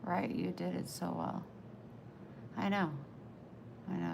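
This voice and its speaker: Woman livestreamer, American country twang, low gravelly voice, breathy and soft-spoken. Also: level tone, slow, long pauses, noisy background. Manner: soft-spoken, drifting into near-whispers. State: short of breath. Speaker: livestreamer reading chat. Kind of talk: casual live-stream chat.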